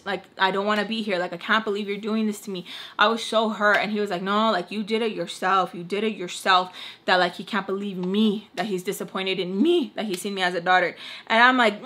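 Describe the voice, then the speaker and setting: Bright-voiced young woman telling a story. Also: mid-range voice, fairly quick. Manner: animated retelling, acting out quotes, slips into Spanish. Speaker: beauty vlogger telling a story. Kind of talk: casual storytime chat.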